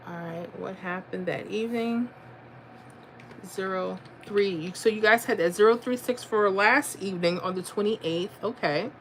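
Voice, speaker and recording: A woman chats loosely on a home livestream, reading out viewer comments and thinking aloud as she goes. Her pitch sits in a middling range, and faint background noise runs under her voice. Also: measured pace. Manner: chatty, reads viewer comments, thinks aloud over numbers. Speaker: lottery livestream host. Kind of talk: casual livestream chat.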